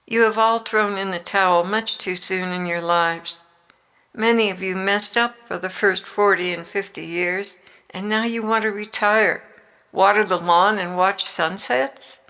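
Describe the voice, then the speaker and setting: Jesus speaks as a tender, exhorting divine man, voiced by an older woman in her own voice. The tone is bright with a gravelly edge, and the delivery is unhurried. It is a devotional reading. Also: medium pitch.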